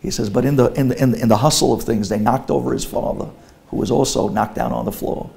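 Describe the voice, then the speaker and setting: A rabbi recounts a story to his listeners with animation, slipping into the voices of the characters. His voice sits at a middle pitch with a gravelly fry. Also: fast, warm tone. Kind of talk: sermon storytelling.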